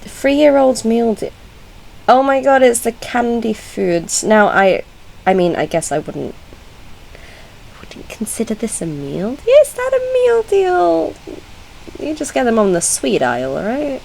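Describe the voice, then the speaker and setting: A woman's voice: on the high side, expressive, a little slow, gravelly, a little hiss or hum, poor audio. A British woman giving casual reaction commentary as a YouTuber, chatty and blunt, laughing often and correcting herself mid-sentence. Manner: chatty, blunt and giggly, with frequent self-corrections.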